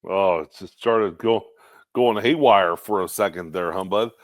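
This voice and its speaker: A man with a low voice co-hosting a casual wrestling podcast. He talks in a relaxed way and laughs often, and his voice sounds close and dry, with no room echo. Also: a little slow. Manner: laid-back, laughs often, calls people bud. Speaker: podcast co-host.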